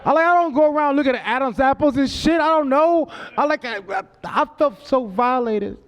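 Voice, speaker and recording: A man's voice: very high voice, fairly quick. A man in his forties doing a profane, loose, conversational stand-up comedy set on a club stage. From Southern California. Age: 40s.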